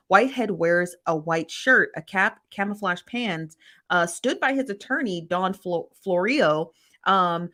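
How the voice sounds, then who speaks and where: A woman's voice: fairly low pitch, sharp tone. A woman hosting a casual live stream, reading viewer comments aloud and answering them. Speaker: host reading live chat.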